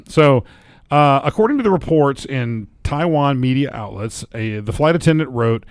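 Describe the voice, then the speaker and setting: A man's voice: medium pitch, expressive, measured pace, no echo. A man co-hosting a podcast, chatting casually and reading news aloud while joking and restarting his sentences. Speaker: podcast co-host.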